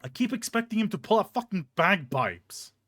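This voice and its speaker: A man's voice: high voice, moderate pace, no room sound, clean studio sound. A young man streaming, ranting casually and profanely with many restarts, in a hot room with a fan on. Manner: animated, profane, rambling with restarts.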